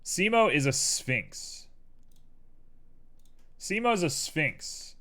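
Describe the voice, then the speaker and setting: Slow-talking, lively male streamer. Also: mid-range voice. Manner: playful, talks to himself and his chat. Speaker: livestreamer and 3D artist. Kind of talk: casual live-stream commentary while working.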